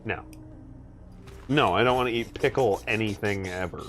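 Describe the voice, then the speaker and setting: A man's voice: fairly low pitch, normal speed, a bit bright, faint music behind. A man hosting a casual livestream, reading chat aloud and chatting in an easygoing way. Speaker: stream host.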